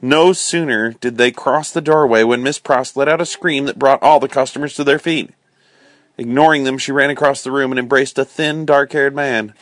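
Calm man reading a bedtime story. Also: mid-range voice, moderate pace, no echo. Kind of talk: storybook read-aloud.

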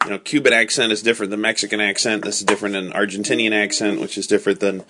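A man's voice: lowish voice, level tone, racing, background noise. An American man hosting a casual talk show, patiently asking questions and explaining things. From United States. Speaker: podcast host. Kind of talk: casual chat.

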